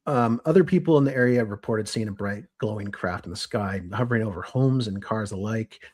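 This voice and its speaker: A young adult man co-hosting a podcast, telling a story from his notes in a lively, casual way with frequent restarts. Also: fairly low pitch, brisk. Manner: animated, restarts and self-corrections. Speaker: podcast co-host.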